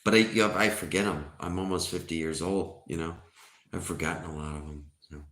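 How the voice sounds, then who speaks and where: A man in his forties chatting loosely on a livestream, cracking jokes and answering chat. His voice sits very low. The room adds a noticeable echo. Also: steady tone, a little fast, fairly bright tone. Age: 40s. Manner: joking, chatty, reading chat aloud. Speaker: livestream host. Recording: roomy echo.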